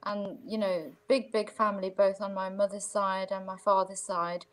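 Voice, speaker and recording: A woman's voice: medium pitch, little pitch movement, normal speed. Woman guest, casual rambling storyteller, video-call sound. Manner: rambling, many fillers.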